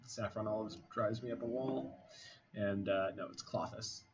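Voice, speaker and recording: A man's voice: fairly low pitch, fairly even intonation, normal speed. A man giving casual commentary over a card game, thinking aloud with a wry, muttering manner. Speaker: game streamer. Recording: slightly dull home mic with faint noise.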